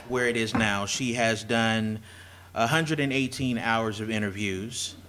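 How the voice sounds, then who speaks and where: Brief: male introducer at a campus talk, lighthearted and hesitant, middle pitch, faint background noise. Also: fairly bright tone. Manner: joking, halting delivery with many fillers. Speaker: presenter's husband introducing her. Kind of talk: introduction speech at a public event. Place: campus event venue.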